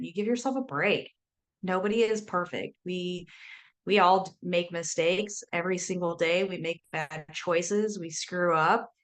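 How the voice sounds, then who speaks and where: A woman's voice pitched a little low, talking as a sober coach in a relaxed podcast chat. She is chatty and animated, peppers her talk with "like", and slips into bright little voices for her own thoughts. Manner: animated, chatty, many "like"s, acts out her inner voice. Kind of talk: casual podcast conversation.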